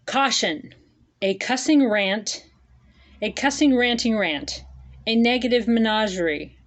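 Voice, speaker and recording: A woman's voice: mid-range voice, expressive, takes it slowly, long pauses. A woman reading her own angry rant aloud, emphatic and repetitive, with sarcastic asides. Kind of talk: slow deliberate spoken-word rant. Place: indoors at a computer.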